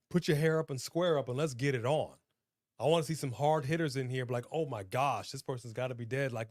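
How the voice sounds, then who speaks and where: A man co-hosting a casual wrestling chat show, talking in an emphatic, animated, slangy way. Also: medium pitch, no room sound, studio quality. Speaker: podcast co-host.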